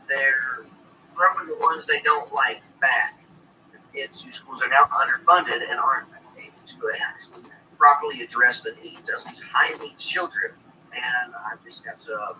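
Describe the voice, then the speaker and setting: A man's voice: medium pitch, sharp tone, distant mic, a little hiss or hum, low-quality recording. A man in a casual discussion who speaks indignantly, with many hesitant fillers. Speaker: local official.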